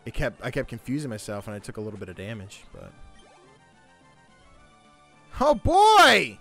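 A man's voice: fairly low pitch, very fast, slightly rough, no echo, faint music behind. A man chatting casually while streaming a video game, playful and laughing, swearing now and then. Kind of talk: casual gameplay chat.

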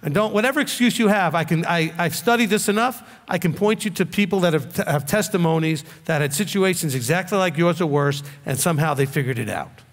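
Speaking a little fast with few pauses, a high-voiced male rabbi scolds his listeners bluntly and keeps throwing out rhetorical questions. Every phrase echoes with a long hall reverb.

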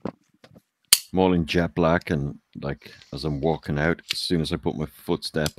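A man's voice: a bass voice, steady tone, a little slow, noisy background. A man playing a tabletop game, easygoing as he describes his character's actions. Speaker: player.

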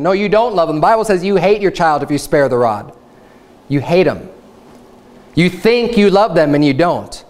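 A man's voice: sits high, lively intonation, brisk. A young adult man preaching a sermon at a church service, frank and conversational, with stories from his own life. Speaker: pastor.

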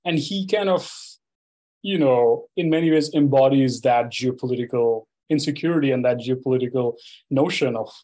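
Guy lecturing at a mid pitch, chatty storytelling, keeps saying you know and right. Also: normal speed, warm tone, rough recording. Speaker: university lecturer.

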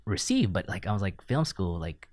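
A man's voice: low-pitched, huge pitch swings, a little fast, a little mellow, no echo, clean studio sound. A man co-hosting a podcast, telling stories in a chatty way and laughing often. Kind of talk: casual podcast chat.

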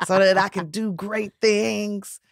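A woman's voice: medium pitch, fairly even intonation, slow, vocal fry, no echo. A woman comedian sits in as a guest, talking casually with a mid-range voice. She jokes easily and turns earnest in the same breath. The recording is close and dry. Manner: playful, joking, earnest. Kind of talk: casual chat.

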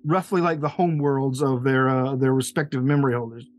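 A man's voice: medium pitch, steady tone, a little fast. A man narrating a tabletop game as game master, loose and rambling, laughing often.

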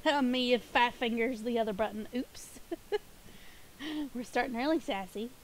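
A woman's voice: on the high side, a little hiss or hum. A woman live-streaming a game from home, chatting playfully and giggling, a little sniffly and groggy. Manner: playful and giggly, quick asides. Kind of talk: casual live-stream chat.

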